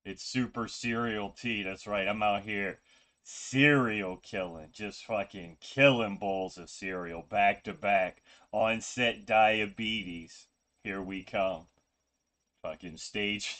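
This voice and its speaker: A man streaming a video game, chatting casually in a rambling, joking, low-key way. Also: fairly bright tone. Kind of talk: casual gameplay stream chat.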